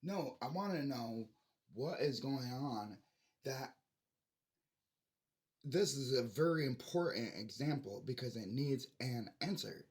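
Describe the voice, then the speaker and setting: A man's voice: medium pitch, lively intonation, slow, long pauses. A man vlogging in a rambling monologue, frustrated and ranting with restarts and swearing.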